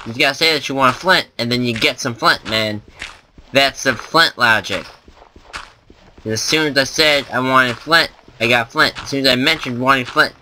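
A man's voice: mid-range voice, bright, forceful tone, slight background noise. A man giving casual gameplay commentary as a let's play host, rambling and thinking aloud with lots of fillers.

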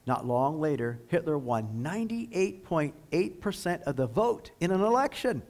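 A man giving a history lecture at a high school, telling the story in an earnest, emphatic way. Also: big pitch swings, moderate pace, darkish tone, low-quality recording. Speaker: guest lecturer.

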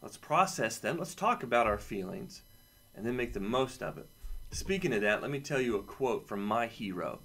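A man's voice: medium pitch, expressive, normal speed, a bit bright. A man with a son, teaching a casual lesson to children with playful, jokey asides. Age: adult, has a son. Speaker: camp teacher for kids.

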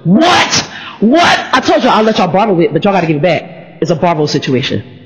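A woman's voice: fairly low pitch, lively intonation, fast talker. A woman pastor preaching a playful sermon, stalling on p-sounds and calling out to the congregation. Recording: reverberant hall, dull sound.

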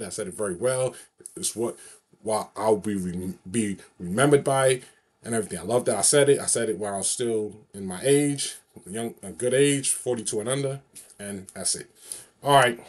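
A man in his forties from New York City, talking to his viewers in a rambling, repetitive and upbeat vlog, now and then chanting a short prayer. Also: medium pitch. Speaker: vlogger. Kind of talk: casual monologue vlog.

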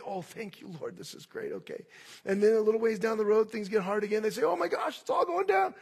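Male pastor, sermon delivery, husky, fairly high, lively acting-out of quoted voices. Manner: animated, acts out complaining voices.

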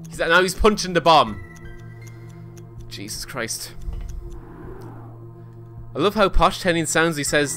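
A man streaming a video game live, reacting excitably and swearing often as he plays and talks to his chat. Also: fairly high pitch, slow, pauses often, faint music behind. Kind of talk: casual live gameplay commentary.

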